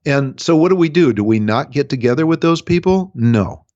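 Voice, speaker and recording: Animated man coaching on the radio, dry sound. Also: fairly high pitch, no echo. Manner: animated, speeds up and slows down to make a point. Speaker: relationship coach, radio guest. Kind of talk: casual explanatory interview talk. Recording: dry, slightly dull radio recording.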